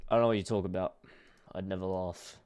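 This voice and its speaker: A young man streaming, reacting to clips with casual commentary that swings from muttered asides to shouted, swearing outbursts. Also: sits low, fairly even intonation, fast talker, a little hiss or hum.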